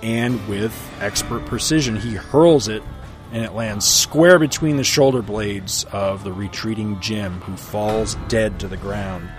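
Middle-aged man, comic recap, relaxed storyteller, lowish voice, faint music behind. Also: a little slow. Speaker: comic book reviewer. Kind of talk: casual comic book recap.

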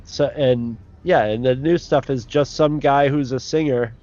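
A man's voice: mid-range voice, a little slow. Rambling man in casual chat. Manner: rambling, many restarts, animated retelling. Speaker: podcast co-host. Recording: dull lo-fi sound.

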